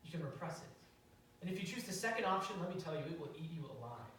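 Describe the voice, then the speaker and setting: Fast and very animated, this young preacher speaks on the high side with a fairly bright tone. He tells a story in his sermon loosely, full of fillers and restarts, in a very reverberant sanctuary with a distant mic and a little hiss or hum.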